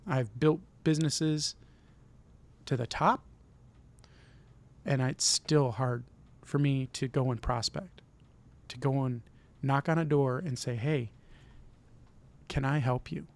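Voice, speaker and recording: Gravelly-voiced man giving an earnest pep talk. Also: medium pitch, fairly even intonation, slow pace, long pauses. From Michigan. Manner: earnest, encouraging, repeats himself. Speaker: vlog host. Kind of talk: motivational talk to camera.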